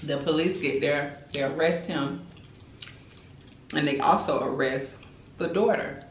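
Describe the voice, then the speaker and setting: A woman's voice: low-pitched, measured pace, reverberant, slight background noise, poor audio. A woman tells a dramatic story in casual chat while eating on camera. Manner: animated, chatty, dramatic retelling. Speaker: mukbang host.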